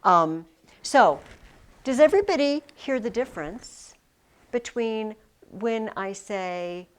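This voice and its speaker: A woman teaching a Latin class in a classroom, explaining slowly with frequent restarts. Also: a little high, lively intonation, clear, resonant tone. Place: classroom with students.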